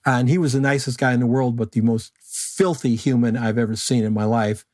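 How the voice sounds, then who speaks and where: An older man speaks in a steady, mid-range voice, rambling comfortably through anecdotes. He is a guest in a casual interview, taking his time with each thought. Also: mid-range voice. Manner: unhurried anecdotal storyteller. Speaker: guest photographer.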